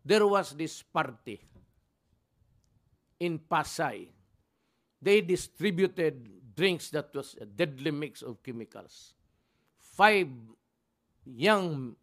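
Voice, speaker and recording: An older man in his seventies speaks with a Filipino accent and a slightly high-pitched voice. He rambles bluntly and angrily through unscripted press remarks. He keeps breaking off and restarting his sentences. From Philippines. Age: 70s. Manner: blunt, angry, rambling with many restarts and fillers. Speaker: president at a press conference.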